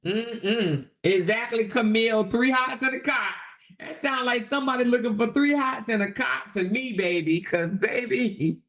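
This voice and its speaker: Her voice sits a little high and moves at normal speed as she hosts a laid-back livestream. She's lively and exclamatory, talking right to her audience and reading out what they type.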